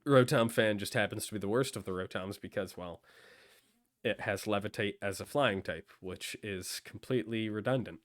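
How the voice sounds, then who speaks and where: A man's voice: fairly low pitch, normal speed, no echo, clean studio sound. A man hosting a casual discussion, talking in a hesitant way with many ums. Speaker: host.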